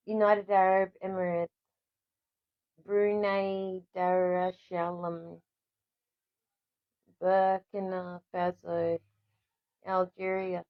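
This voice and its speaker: Her voice is fairly low, with no room sound around it. She's an Australian woman on a casual stream who reads to her viewers, repeatedly apologizing and restarting, and the recording has a dry, slightly dull lo-fi quality.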